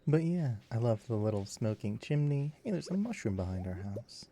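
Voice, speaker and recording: Man, low and gravelly, slow soft sleep-time gameplay commentary, very mellow. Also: very animated, a little hiss or hum.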